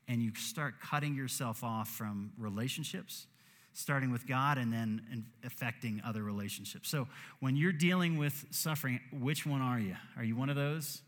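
A man's voice: mid-range voice, moderate pace, a bit bright, in a large hall. A man preaching a sermon as pastor, earnest, acting out short prayers in quoted voices.

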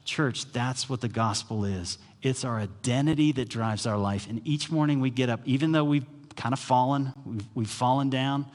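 A man's voice: medium pitch, normal speed, hardly any pauses, big-room sound. A man preaching a sermon as pastor, telling stories and acting out the voices of the people in them. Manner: storytelling preacher, acts out quoted voices.

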